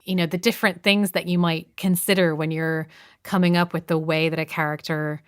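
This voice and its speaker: Smooth-voiced woman interviewer. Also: on the low side, little pitch movement, brisk. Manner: thoughtful, encouraging questions. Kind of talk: interview conversation.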